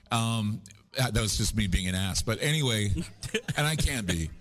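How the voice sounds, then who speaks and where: A man's voice: fairly low pitch, fairly quick, fairly bright tone. A man guesting at a paranormal conference, telling long rambling stories with jokes at his own expense. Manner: rambling, joking, self-deprecating storyteller. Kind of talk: casual chat. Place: live at a conference.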